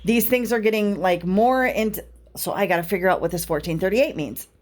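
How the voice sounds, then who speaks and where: A woman podcast host talks casually in a middle pitch. She tells a personal story and keeps checking in with her listeners through tag questions. Her talk is loose and conversational, with no script. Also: a little fast, a little mellow. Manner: chatty storyteller, often adds tag questions. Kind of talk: casual spiritual podcast monologue.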